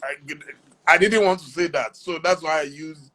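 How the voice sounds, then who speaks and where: A man's voice: on the high side, normal speed, bright, forceful tone. A man hosting a live-streamed interview, asking probing questions and steering the talk. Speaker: interview host. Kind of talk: casual interview on a social media live stream.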